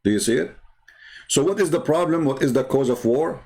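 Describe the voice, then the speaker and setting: A man's voice: medium pitch, brisk, a little mellow. A man hosting a livestream, talking in a blunt, sarcastic and scornful way. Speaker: livestream host. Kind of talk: combative livestream commentary.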